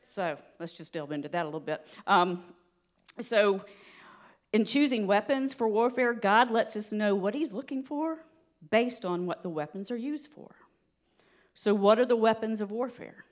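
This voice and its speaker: A woman giving a sermon in an earnest, steady teaching manner, with light laughs now and then. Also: mid-range voice, normal speed. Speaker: preacher.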